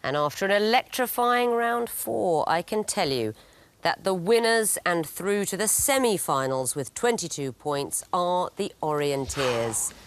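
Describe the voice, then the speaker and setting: A woman hosting a quiz show, reading scripted links and giving verdicts with a dry wit. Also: low-pitched.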